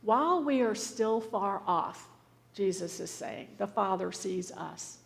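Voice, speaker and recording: A woman's voice: medium pitch, expressive, slow pace, creaky. A woman preaching a sermon, telling a story in an earnest, pleading way. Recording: reverberant church hall.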